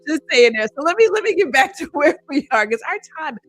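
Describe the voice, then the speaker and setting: A woman hosting a podcast, talking in a chatty, animated way and reading out viewer comments. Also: high voice, a little fast, faint music behind. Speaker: podcast host. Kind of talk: casual interview chat.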